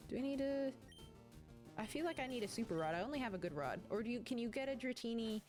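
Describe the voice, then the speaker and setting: A woman's voice: a little high, lively intonation, quick pace, darkish tone, faint music behind. A woman streaming a game at home, chatting casually and rambling, often laughing while she reads chat aloud. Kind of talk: casual let's-play chat, reading chat aloud.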